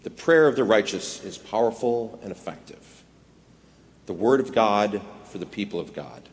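A man reading a scripture passage aloud in church, measured and formal. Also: fairly low pitch, lively intonation. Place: church sanctuary. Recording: long church reverb.

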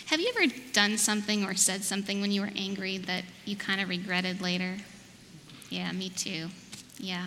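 A woman pastor giving a children's message and sermon in a church sanctuary, coaxing and asking questions. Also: fairly high pitch. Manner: warm, coaxing, asks questions. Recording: reverberant church hall, faint noise.

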